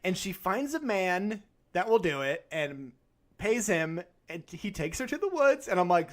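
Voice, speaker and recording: A man co-hosting a podcast, retelling a film in casual chat with animated, acted-out quotes. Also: high voice, a little slow. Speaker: podcast co-host.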